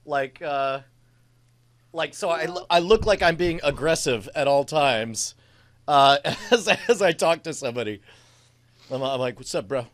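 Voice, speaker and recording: A man co-hosting a casual podcast, talking in a rambling, self-deprecating way with lots of halting restarts. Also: on the high side. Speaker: co-host.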